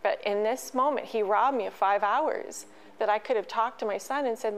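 A middle-aged woman telling a personal story as an interview guest, halting and emotional, with many restarts. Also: a little high, low-quality recording. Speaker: podcast guest.

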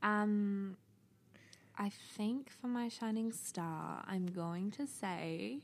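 A young woman, chatting loosely as a podcast co-host. Her voice carries a gravelly fry, and she talks bluntly, swears freely and gets excited easily. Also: medium pitch, very slow. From New Zealand. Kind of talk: casual chat.

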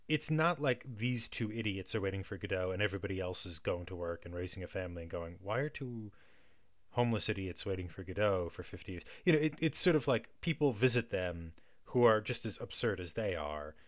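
A man with a somewhat low voice talks through his ideas in a relaxed, analytical chat. He restarts his sentences often and keeps checking in with "right?". The sound is dry and close. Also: a little fast, no room sound. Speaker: guest discussing film and theatre.

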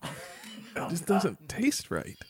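A man's voice: on the high side, wildly swooping pitch, very slow, a crowd in the background. A man co-hosting a casual podcast, blunt and profane in his remarks. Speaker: podcast co-host. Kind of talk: casual chat.

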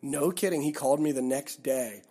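A man's voice: medium pitch, moderate pace, breathy edge. A man, a touring musician, telling stories in a casual interview and acting out the people he quotes. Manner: animated, acts out quoted people in his stories.

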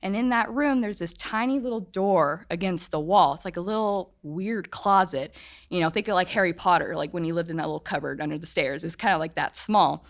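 A woman's voice: lowish voice, fairly quick. Rambling woman telling a ghost story. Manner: meandering, self-correcting storytelling. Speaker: storyteller at a live podcast show. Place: hotel event room, live show.

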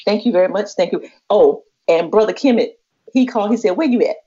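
A woman's voice: mid-range voice, fairly quick. A woman, casually telling a personal story on a podcast and acting out the voices of the people in it. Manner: animated, acts out quoted voices. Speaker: podcast co-host. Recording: slightly muffled lo-fi audio.

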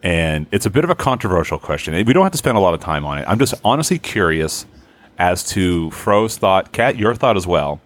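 Laid-back man, very low voice, casual podcast banter. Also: big pitch swings, brisk. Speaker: podcast co-host. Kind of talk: casual chat.

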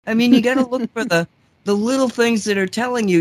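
A woman's voice: on the high side, a little fast. Woman host, casual storyteller, rambling, many restarts, laughs a lot. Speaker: talk show host.

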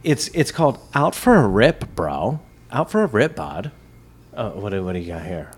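A man's voice: lowish voice, big pitch swings, normal speed, slightly rough. Laid-back rambling guy hosting a chat show. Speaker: podcast co-host. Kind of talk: casual chat.

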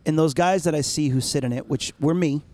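A man around forty, chatting casually as a podcast co-host and telling a lively story. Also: fairly high pitch, fairly quick. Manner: animated storyteller, acts out voices and screams.

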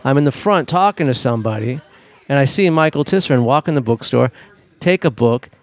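A man co-hosting a podcast, telling stories in a casual, animated way and swearing freely. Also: medium pitch, brisk. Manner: profane, animated, laughing while telling stories. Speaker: podcast co-host. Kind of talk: casual storytelling chat.

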